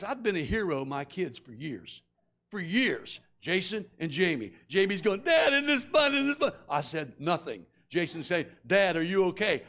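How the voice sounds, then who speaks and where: A middle-aged guest preacher with a high, somewhat bright voice delivers a sermon. He tells a personal story and acts out the voices and screams of the people in it.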